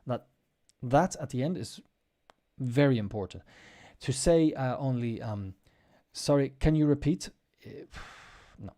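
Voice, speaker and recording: A man's voice: medium pitch, expressive, slow pace, warm tone. A man teaching English in a casual spoken lesson. He explains patiently and repeats example phrases with strong intonation. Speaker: podcast host.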